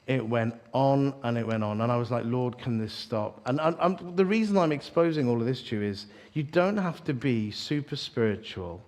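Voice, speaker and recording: A man preaching a storytelling sermon, animated and self-mocking, acting out the voices in his story. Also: medium pitch, brisk, few pauses. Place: church hall, live audience.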